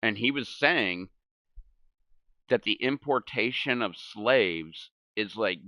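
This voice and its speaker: A middle-aged American man streams a game from his home setup, rambling casually, cursing, and laughing at his own stories. His voice runs low, animated and slow, with a pushed, bright delivery and no room sound.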